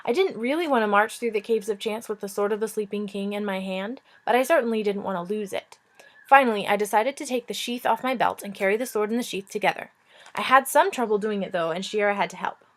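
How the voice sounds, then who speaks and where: A woman's voice: mid-range voice, fast talker. Woman reading a storybook aloud casually. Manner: informal, joking, breaks off to chat. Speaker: teacher reading a book aloud.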